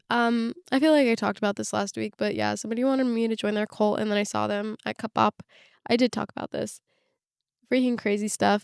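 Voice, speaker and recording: A woman's voice: on the high side, gravelly, clean tone, dry recording, clean studio sound. A woman of about twenty who is sick, talking in a chatty, rambling way with lots of fillers as she hosts her own podcast from a parked car. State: sick, under the weather. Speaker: podcast host. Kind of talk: casual chat. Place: parked car in a parking lot.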